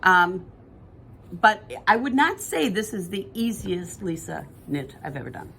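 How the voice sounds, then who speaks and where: Chatty lower-voiced woman. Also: big pitch swings, unhurried, vocal fry, fairly bright tone, a little hiss or hum. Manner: chatty, rambling, self-correcting. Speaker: podcast co-host. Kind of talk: casual chat.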